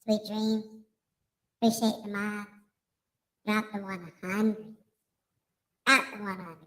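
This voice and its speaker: A squeaky little baby voice, put on by a man, sing-song and sweet as it says goodnight to a live stream chat. It sits well above an ordinary speaking voice and drags slowly through each word. It is high and drawn out, made to sound tiny. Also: level tone, pushed and bright, full character voice. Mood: cutesy. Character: cutesy baby voice saying goodnight. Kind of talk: casual live stream sign-off.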